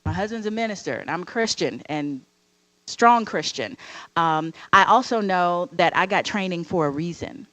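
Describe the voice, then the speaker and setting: Low-voiced woman offering frank reassurance. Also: lively intonation, normal speed, fairly bright tone, no room sound, rough recording. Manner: frank, reassuring, trailing fillers. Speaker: panel speaker. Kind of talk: encouraging panel talk.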